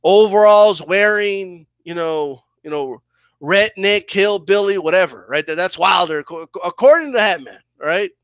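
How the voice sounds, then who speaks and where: A man's voice: high voice, a little slow, a bit bright, clear, resonant tone, no echo. Fired-up man ranting about boxing. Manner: fired up, repeats "okay?" and "right?". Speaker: boxing commentator. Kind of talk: heated opinion rant.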